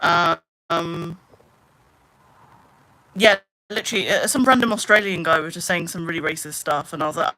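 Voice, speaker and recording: A woman's voice: lowish voice, moderate pace, long pauses, bright, forceful tone. A young woman live streaming, chatting casually with viewers and reading out their comments in an exasperated, ranting way. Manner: ranting, exasperated, talks straight to chat.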